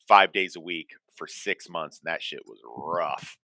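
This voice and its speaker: A man in a casual chat talking bluntly, with frequent swearing and animated storytelling. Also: low-pitched, measured pace, vocal fry, rough recording.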